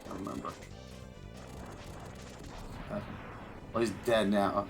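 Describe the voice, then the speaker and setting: A man's voice: on the low side, lively intonation, slow pace, gravelly, music in the background. A man giving rambling, casual commentary while playing a video game, with lots of fillers and some mild swearing. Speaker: gameplay streamer. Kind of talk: casual let's-play commentary.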